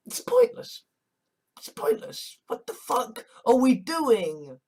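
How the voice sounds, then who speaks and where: A woman vlogger talking casually to camera in a rambling, exasperated way, swearing freely. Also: medium pitch. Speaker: YouTube vlogger. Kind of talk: casual vlog monologue.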